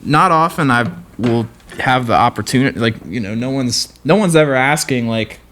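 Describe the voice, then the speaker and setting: A man's voice: medium pitch, normal speed, fairly bright tone, a little hiss or hum. A young man, a guest guitarist, talking in a laid-back, rambling way with many fillers. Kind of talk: casual chat.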